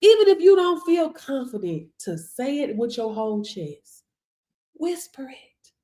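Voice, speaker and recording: A woman's voice: on the high side, very animated, normal speed, dark tone, echoey room. A woman in giving a sassy, preachy motivational talk to her livestream viewers, calling them baby. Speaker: livestream business mentor.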